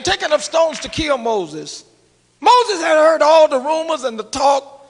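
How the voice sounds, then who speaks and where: High-voiced, gravelly preacher in a reverberant hall. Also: male voice, big pitch swings, unhurried. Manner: preaching with call-and-response, swinging between hushed and shouted. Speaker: pastor. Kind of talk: sermon. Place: church sanctuary. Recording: long reverb of a large church hall.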